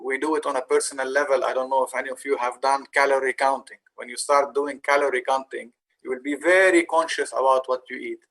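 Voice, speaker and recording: Gravelly-voiced man lecturing. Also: mid-range voice, fairly even intonation, fast, fairly bright tone, poor audio. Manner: explanatory, with frequent fillers and restarts. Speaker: instructor. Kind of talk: lecture on facility management.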